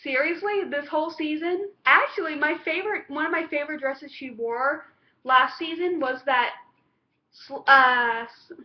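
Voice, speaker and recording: High-voiced rambling woman reviewer. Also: normal speed, dull audio. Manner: rambling, with many fillers and restarts. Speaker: TV episode reviewer. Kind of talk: casual chat.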